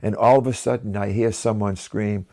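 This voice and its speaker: Guest storyteller: low-pitched man, chatty, laughs through his road anecdotes. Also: steady tone, normal speed, a little mellow. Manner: chatty, laughs often, restarts sentences. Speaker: musician guest telling road stories.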